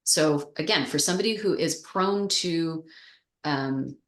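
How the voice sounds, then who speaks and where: A woman's voice: low-pitched, unhurried, roomy sound. A woman teacher explaining bone health in an interview, thoughtful and searching for words with frequent restarts. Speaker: osteoporosis exercise teacher.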